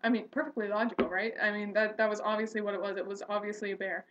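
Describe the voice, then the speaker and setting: A woman's voice: medium pitch, level tone, fast, background noise. A young woman telling a personal story casually, rambling with fillers and self-corrections. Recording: dull lo-fi recording.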